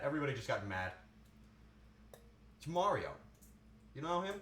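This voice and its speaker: A man's voice: medium pitch, very animated, normal speed, pushed and bright. A man cooking on a live stream, chatting playfully and answering his chat as he goes. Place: home kitchen. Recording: roomy kitchen with faint noise.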